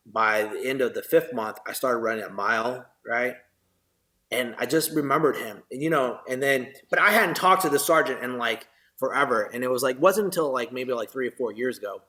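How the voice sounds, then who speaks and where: A man's voice: medium pitch, sharp tone. A man, a military veteran, earnestly telling his personal story as a guest in a podcast interview, with many fillers and tag questions.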